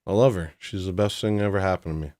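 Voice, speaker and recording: Low-voiced rambling male streamer. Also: fast talker, darkish tone, no room sound, studio quality. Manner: rambling, self-mocking jokes, greets chatters by name. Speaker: livestream host. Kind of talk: casual livestream chat.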